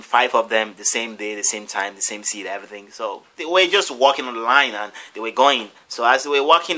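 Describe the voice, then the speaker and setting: Bright-voiced man telling a rambling story. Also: mid-range voice. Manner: rambling, restarts and acts out all the voices. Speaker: vlogger. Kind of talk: casual storytelling.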